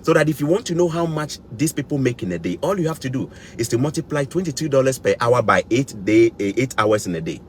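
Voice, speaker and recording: A man's voice: medium pitch, very animated, fast, few pauses, darkish tone, a little hiss or hum. A man lecturing his viewers in a vlog, emphatic and repetitive, speaking to them directly. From West Africa. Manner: emphatic, repeats points, addresses viewers directly. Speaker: vlogger. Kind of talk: lecturing to camera. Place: living in Canada.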